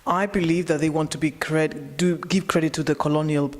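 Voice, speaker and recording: A woman's voice: deep voice, steady tone, brisk, long reverb tail. A young woman from Spain, a language teacher answering interview questions earnestly, often repeating words as she searches for them. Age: young adult.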